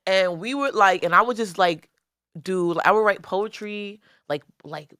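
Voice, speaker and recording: Bright-voiced Bronx woman rapper, slangy. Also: mid-range voice, unhurried, smooth, dry recording, studio quality. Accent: New York. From the Bronx, New York. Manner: animated, slangy, swearing freely, many fillers. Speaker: rapper, interview guest. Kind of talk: casual interview talk.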